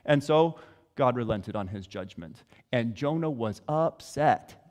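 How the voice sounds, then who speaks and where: A man's voice: mid-range voice, unhurried. Man preaching in a reverberant hall. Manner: conversational, animated storytelling. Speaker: pastor. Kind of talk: sermon.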